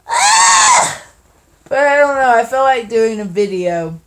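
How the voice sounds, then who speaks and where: A tired young woman vlogging casually, rambling and giggling, often trailing off into soft mumbles. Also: a little high, expressive, moderate pace.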